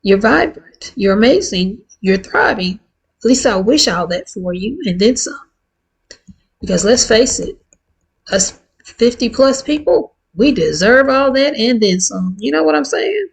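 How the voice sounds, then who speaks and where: A woman in her fifties talking candidly and warmly to her viewers in a casual, heartfelt vlog. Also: on the high side, animated, measured pace, creaky, breathy edge, low-quality recording. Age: 50s. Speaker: vlogger. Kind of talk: casual chat to camera.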